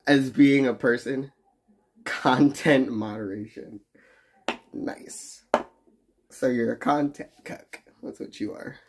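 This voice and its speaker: A man's voice: mid-range voice, steady tone, slow pace, long pauses, a little hiss or hum. A young adult man livestreaming, chatting with his viewers in a teasing, profane, joking way. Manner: profane, teasing banter with frequent laughs. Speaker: livestreamer reading chat. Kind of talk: casual livestream chat.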